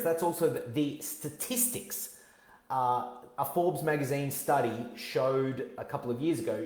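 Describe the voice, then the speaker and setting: A man in his thirties hosting his own book launch on a live stream, talking in an energetic, heartfelt way with many fillers and restarts. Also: medium pitch. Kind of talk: live-streamed casual talk. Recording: roomy echo.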